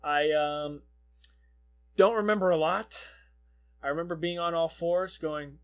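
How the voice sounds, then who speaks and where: A young man on a casual podcast, winding through a long story and swearing freely as he goes. His voice sits a little higher than most men's. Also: steady tone, unhurried, clear, resonant tone. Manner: rambling storyteller, swears a lot. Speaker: podcast co-host. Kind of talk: casual chat.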